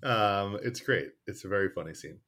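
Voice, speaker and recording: A man's voice: on the low side, moderate pace. A man co-hosting a podcast, chatting casually and retelling movie scenes. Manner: relaxed, retells scenes with quoted voices. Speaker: podcast co-host. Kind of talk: casual chat.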